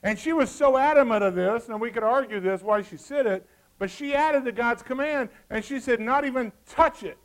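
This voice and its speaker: A man preaching a sermon, lively and folksy, throwing joking asides to the congregation. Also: very high-pitched, moderate pace, few pauses.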